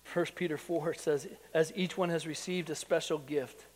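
High-voiced preacher in a reverberant hall. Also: male voice, normal speed. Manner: conversational preaching, rhetorical questions to the congregation; storytelling that builds in excitement. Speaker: pastor. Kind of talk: sermon.

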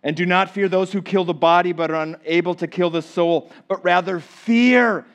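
A man with a high-pitched voice preaches a sermon in a church sanctuary. He swings between loud, emphatic declarations and quiet, hushed asides as he works through the text for his congregation. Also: moderate pace. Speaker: pastor.

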